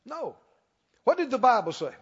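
A man preaching a sermon as pastor, emphatic, slowing down and rising on key lines. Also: very high-pitched, very animated, slightly rough. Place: church sanctuary. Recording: dull sound with long hall reverb.

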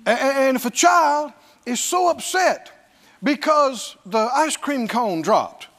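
A man preaching a sermon in an animated way, laughing often and acting out the voices of the people he quotes. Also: extremely high pitch, slow pace.

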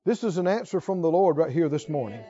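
A man preaching with a high, lively voice that jumps up for emphasis and drops low for asides. His talk is folksy and conversational, with sudden emphatic calls to the congregation. The sound is dull and rings with a long church-hall reverb. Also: quick pace, slightly rough. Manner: animated, rising to emphatic exclamations, conversational asides. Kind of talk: sermon.

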